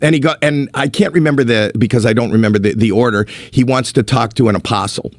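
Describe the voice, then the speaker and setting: A man telling comedy stories as a guest, animated, swearing freely and acting out quotes. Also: medium pitch, fast talker, no room sound. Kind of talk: casual storytelling.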